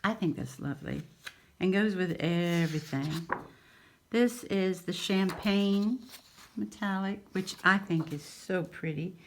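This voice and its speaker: A woman shows off craft supplies in a casual, unhurried way. Her voice sits a little low, and she gushes and coos over each piece she holds up. A faint hiss sits under her voice. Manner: gushing, cooing over items. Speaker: craft channel host. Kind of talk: casual haul show-and-tell.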